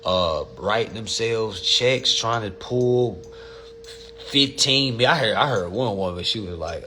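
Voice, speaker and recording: A man's voice: fairly low pitch, a little slow, sharp tone, a little hiss or hum. Blunt, profane man talking to his viewers. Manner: blunt, profane, fired-up, addresses listeners as family. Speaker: host answering viewer questions. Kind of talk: casual livestream talk.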